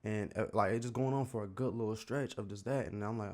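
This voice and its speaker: In a fairly quick, lowish voice, a young Southern US YouTuber spins a casual, meandering story full of slang and filler words.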